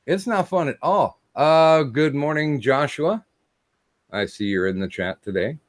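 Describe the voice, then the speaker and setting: A man hosting a casual livestream chat, talking in a halting way with many fillers and restarts. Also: on the high side, lively intonation, dry recording, clean studio sound. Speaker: stream host.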